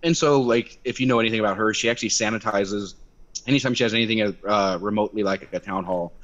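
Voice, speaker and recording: A young man telling a story in casual chat on a video call, animated and swearing, acting out quotes in a louder voice. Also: fairly low pitch, fast. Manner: animated, swearing, acts out quotes by raising his voice. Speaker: activist guest. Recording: dull lo-fi video call audio.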